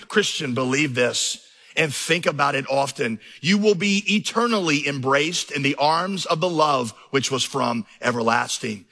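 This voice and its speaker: A man's voice: on the high side, measured pace, sharp tone. A man preaching a sermon as pastor, telling stories and building to impassioned emphasis. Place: large church auditorium. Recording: reverberant hall.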